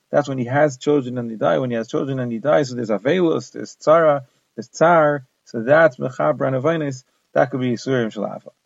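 A man's voice: medium pitch, vocal fry, no room sound. A man giving a Talmud lesson, translating the Aramaic phrase by phrase into plain English. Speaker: Talmud teacher. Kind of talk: daf yomi Talmud lesson. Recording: dull lo-fi dry recording.

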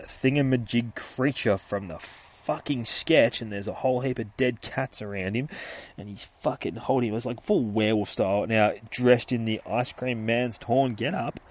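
In a voice on the low side and at a moderate pace, a man acts out a comic tale, slipping into voices for the scenes and swearing all the way through in casual speech.

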